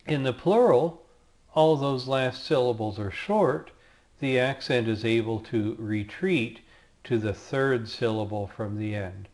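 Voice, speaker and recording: A man at a middle pitch teaches Greek verbs in a slow, unhurried lecture. He lays out each ending one at a time and drops in dry little jokes. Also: darkish tone. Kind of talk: recorded lecture over slides.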